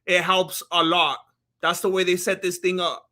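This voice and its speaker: A young man with a high, bright voice, chatting excitedly on a live stream from his desk mic. He jumps between thanking viewers and hyping himself up. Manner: hyped, shouts and laughs often, quick asides to chat. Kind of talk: excitable live watch-along chat.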